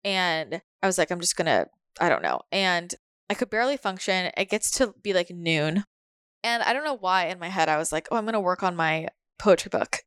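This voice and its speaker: A woman's voice: lowish voice, animated, fairly quick, fairly bright tone, clear, resonant tone, no room sound. Woman chatting candid on a podcast, swears a bit, dry close sound. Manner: candid, swears, acts out quotes. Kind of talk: casual spiritual chat.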